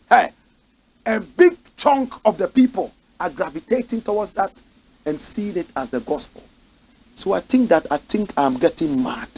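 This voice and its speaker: Fiery raspy Ghanaian man ranting. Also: high voice, low-quality recording. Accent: Ghanaian English. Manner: fiery, swings between shouting and muttering. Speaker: political commentator and host. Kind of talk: impassioned talk-show commentary. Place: studio.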